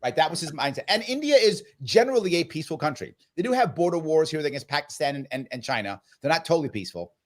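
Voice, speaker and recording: Emphatic New man, higher voice. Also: big pitch swings, fast talker, hardly any pauses. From New York. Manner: emphatic storyteller who acts out quoted voices. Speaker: political guest. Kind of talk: animated interview talk.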